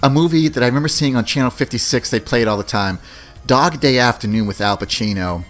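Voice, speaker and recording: Forties guy hosting a podcast, loose and chatty, keeps going "you know what i mean", soft music behind. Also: mid-range voice, fast. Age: 40s. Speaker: podcast host. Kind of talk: solo podcast movie countdown.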